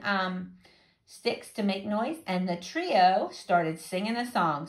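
A woman teacher reading a storybook aloud to children in a lively, child-directed way. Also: medium pitch.

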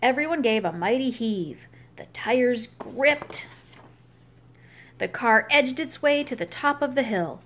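A woman reading a children's picture book aloud, expressive and giving the characters their own voices. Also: on the high side, slow pace, slight background noise. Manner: expressive, gives each animal its own voice. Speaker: storybook reader.

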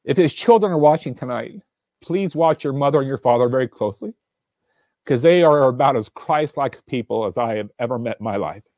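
A man giving a livestreamed devotional fireside talk from a room, earnest and animated, repeating his questions, stumbling over words and reading viewer answers aloud. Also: medium pitch, a little fast, no echo, studio quality. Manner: reads viewer answers aloud from a live chat. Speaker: fireside speaker. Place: indoors room, alone.

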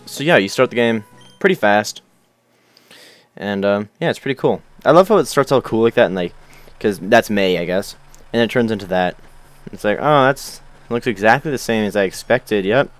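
A man's voice: lowish voice, animated, moderate pace, faint music behind. Goofy young man playing a game. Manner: goofy, swears, shouts character names. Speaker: let's play host. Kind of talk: casual game commentary, reading dialogue aloud.

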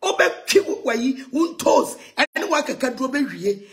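A Ghanaian woman ranting heatedly in a mocking tone, shouting insults and laughing between lines. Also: high voice, very animated, measured pace, hardly any pauses. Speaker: self-styled prophetess ranting on video. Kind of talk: heated rant in Twi and English.

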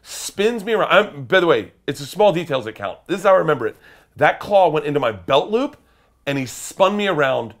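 Guy telling a crazy story loud, laughs, yells the funny bits. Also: fairly high pitch, sing-song, a little fast. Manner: loud, laughing, acts out quotes in shouts. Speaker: comedian guest. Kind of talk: animated storytelling.

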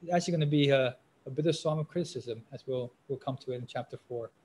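A man preaching a sermon, pausing often on fillers and restarts, getting louder and more forceful when he reads scripture aloud. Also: medium pitch, slight background noise.

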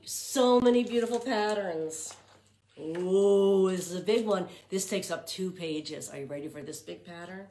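A woman's voice: fairly low pitch, measured pace, mellow, reverberant. A woman librarian reading a picture book aloud to young children, chanting patterns in a sing-song and asking them questions.

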